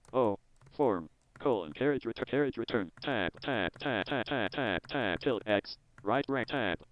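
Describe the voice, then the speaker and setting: A man hosting his own video, reading a technical software manual aloud in a measured, word-by-word way with small restarts. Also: on the low side, clear, resonant tone, low-quality recording. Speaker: host.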